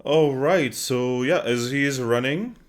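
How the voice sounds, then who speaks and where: A man playing in a tabletop game, talking in a casual, expressive way. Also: medium pitch, a little slow. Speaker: player.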